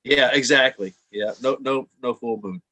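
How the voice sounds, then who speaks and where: A man's voice: mid-range voice, moderate pace, pushed and bright. A man chatting casually with a friend on a video call, teasing and joking. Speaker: guest friend.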